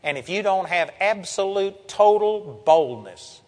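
A man's voice: high voice, expressive, measured pace, big-room sound. An older man preaching a sermon in an earnest, folksy way, reading Bible verses aloud.

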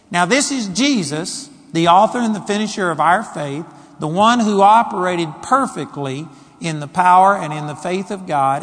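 A man preaches a sermon with a high, lively voice. His delivery is dramatic, moving between hushed and emphatic. A long reverb hangs in the hall. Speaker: pastor.

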